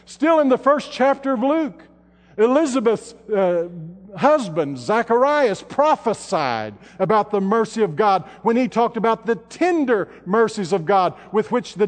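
A man preaching a sermon in a church, building to loud, shouted emphasis and then dropping to hushed, low tones. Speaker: pastor. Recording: long hall reverb.

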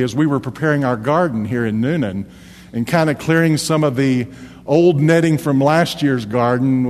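A man's voice: on the high side, big-room sound. A middle-aged male pastor preaching a sermon, mixing folksy personal stories with emphatic scripture points.

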